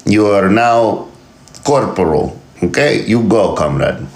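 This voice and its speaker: A man's voice: on the low side, lively intonation, takes it slowly. A man putting on a bossy Russian army officer. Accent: mock Russian, broken English. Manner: clipped, ordering commands. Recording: roomy echo.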